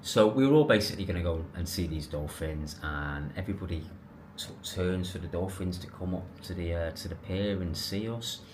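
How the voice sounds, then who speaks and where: A man tells a story to his camera, lively and rambling, doubling back on his words. His voice sits fairly low. A faint hum of background noise runs under the talk. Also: moderate pace. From England. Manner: animated, rambling with restarts and self-corrections. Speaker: vlogger.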